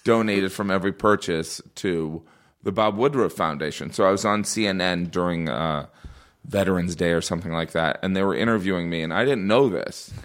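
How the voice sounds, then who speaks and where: A man who is a comedian, chatting casually with a deadpan, joking manner. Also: low voice, fairly quick. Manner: deadpan, joking, animated bursts.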